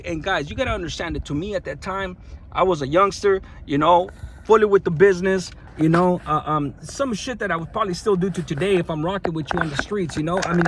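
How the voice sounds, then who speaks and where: A man telling a story from his time in jail in a casual, slang-heavy way, with many fillers and restarts. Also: high voice. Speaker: storyteller recounting jail experience. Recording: faint background noise.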